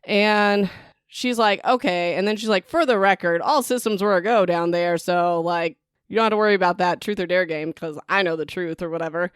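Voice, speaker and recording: Young woman, book podcast host; chatty recap style, smooth clear voice, dry close sound. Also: on the low side, brisk, no room sound. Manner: chatty, lots of "like" and "whatever", excitable asides.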